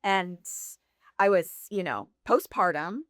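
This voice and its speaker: A woman in her thirties telling her faith story on a podcast, candid and quick to laugh. Her voice sits a little low, and the sound is dry and close. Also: lively intonation, dry recording. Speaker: podcast guest. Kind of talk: personal faith testimony.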